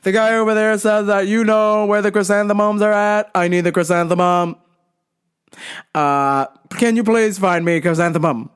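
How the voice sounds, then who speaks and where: A woman voicing a pushy deaf male customer who keeps repeating the same demand loudly. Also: mid-range voice, steady tone, normal speed, clean tone, close to an everyday voice. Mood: insistent.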